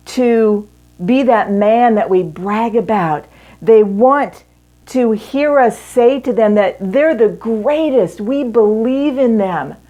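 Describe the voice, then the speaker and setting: A middle-aged woman teaching a marriage seminar, her voice set a little high for a woman. She talks slowly and earnestly in measured phrases, pausing often as she makes each point. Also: mellow. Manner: earnest, instructive, with pauses. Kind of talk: teaching talk to women.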